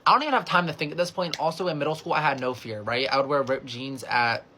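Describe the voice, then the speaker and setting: Fast, bright-voiced young man telling a story. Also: a little high, slight background noise. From California. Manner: chatty, heavy use of "like", swears freely, acts out dialogue. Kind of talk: casual storytime.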